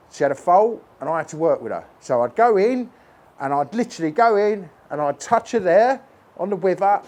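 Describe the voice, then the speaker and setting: A man's voice: sits high, a little mellow. A man working as a horse trainer, talking to camera at a stable while handling a horse, earnest and emphatic, repeating his points, recorded on a phone on a tripod.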